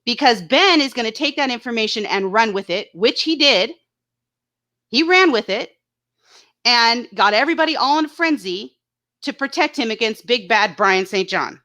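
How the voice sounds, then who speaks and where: Her voice slightly high, bright and forceful, a YouTube host discusses internet drama on her own channel in a blunt, casual way. She curses freely and reads viewers' chat messages aloud.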